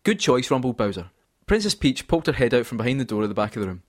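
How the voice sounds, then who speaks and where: A man's voice: mid-range voice, expressive, very fast. A man hosting and reading a story aloud, jokey and giggly throughout. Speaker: podcast host and reader.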